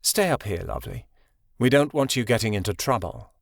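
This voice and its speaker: Guy playing creepy sweet-talking evil king, slow drawl, lively pitch, dry. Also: vocal fry, no echo, full character voice. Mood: oily. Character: sinister scheming king, smooth and coaxing.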